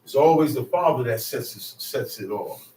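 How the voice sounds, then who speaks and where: A man preaching a sermon in a casual, conversational way, now and then rising to shouts for emphasis. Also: mid-range voice, expressive, moderate pace. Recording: roomy, mic at a distance.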